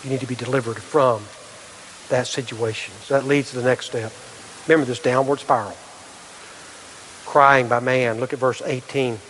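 A man's voice: medium pitch, steady tone, normal speed, pauses often, a bit bright, slight background noise. Middle-aged guy preaching, earnest, keeps asking the crowd questions, voice rings around a big hall. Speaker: pastor. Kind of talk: sermon. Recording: long hall reverb.

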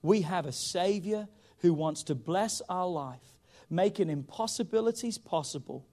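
Emphatic high-voiced male preacher. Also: expressive, measured pace, a little mellow. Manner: emphatic, repeats "come on", rises and drops in volume. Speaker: pastor. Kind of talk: sermon.

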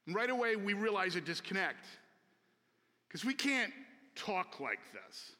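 A man, a pastor, preaching a sermon slowly and earnestly with emphatic repetition, in a church sanctuary. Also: high voice, sing-song, sharp tone. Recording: long reverb of a large hall.

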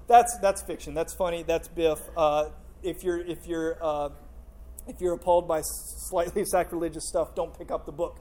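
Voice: mid-range voice, a little mellow. A pastor preaching a sermon to a congregation in a loose, conversational way, telling a humorous story before turning to scripture. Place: church in front of a congregation.

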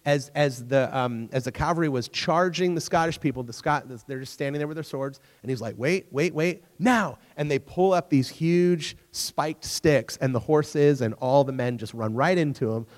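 A man preaching in a relaxed, chatty way, his voice sitting a little higher than most men's. He tells stories and briefly voices the people in them. A long reverb trails each phrase, as if he is speaking in a large hall. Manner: conversational, acts out characters in the story. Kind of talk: casual sermon with storytelling.

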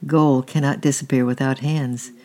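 A storyteller voicing a stern, weary Roman master of a household, speaking gravely and evenly. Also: medium pitch, level tone, moderate pace, dark tone, lightly acted.

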